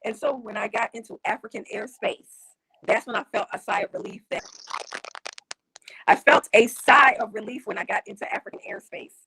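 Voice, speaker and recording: Woman, interview guest on a video call, emotional, halting delivery. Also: a little high, creaky, pushed and bright, husky, low-quality recording. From United States. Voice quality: emotional, halting with many restarts. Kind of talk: casual remote interview.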